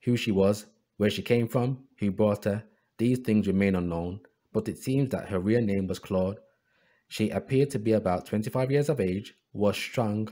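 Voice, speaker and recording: A man's voice: fairly low pitch, moderate pace. A man hosting a history channel, reading book excerpts aloud and adding sarcastic asides. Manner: reads passages in an even voice, then adds sarcastic asides.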